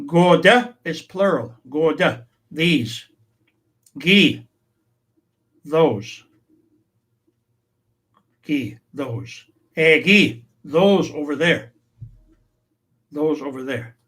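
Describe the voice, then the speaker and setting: Slow, deliberate male language teacher. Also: fairly high pitch, a bit bright. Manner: says each native word then its English meaning, with light humor. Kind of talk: slow explanatory language lesson.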